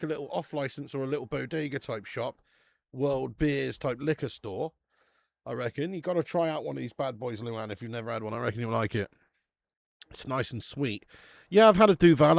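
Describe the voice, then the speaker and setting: British male streamer, young, gravelly, dry close-mic sound, loose sweary banter. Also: mid-range voice, no room sound. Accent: British English. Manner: chatty, swears freely, reads viewer comments aloud. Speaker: watch-along host. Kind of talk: casual live-stream chat.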